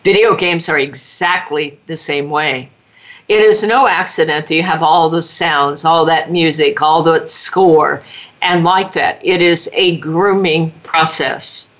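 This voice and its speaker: A woman's voice: low-pitched, a little slow, a bit bright, rough recording. A woman hosting a talk show, urging parents in an earnest, preaching monologue. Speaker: host.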